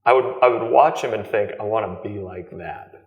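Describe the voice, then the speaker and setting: A man in his thirties, a Jesuit guest, telling his story in a halting, reflective way full of ums and repeated words. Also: on the low side, lo-fi sound. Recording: echoey room with long reverb.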